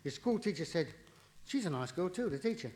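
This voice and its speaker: Cheeky comedian, high voice. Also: male voice, very animated, darkish tone, a little hiss or hum. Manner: cheeky, quick jokes with rising punchlines. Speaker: stand-up comedian. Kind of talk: live stand-up comedy patter. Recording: vinyl live recording, audience laughter, distant.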